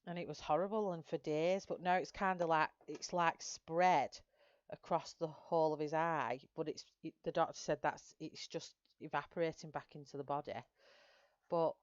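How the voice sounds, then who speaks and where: A woman's voice: low-pitched, steady tone, moderate pace, no room sound, highs cut off. A middle-aged woman chatting casually with viewers while she colours live, rambling from one story to the next. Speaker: colouring channel host.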